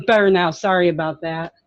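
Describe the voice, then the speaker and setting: A woman's voice: fairly low pitch, moderate pace, no room sound. A woman taking part in a coaching call, chatting casually and easygoing. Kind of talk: casual chat. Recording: dry, dull lo-fi call audio.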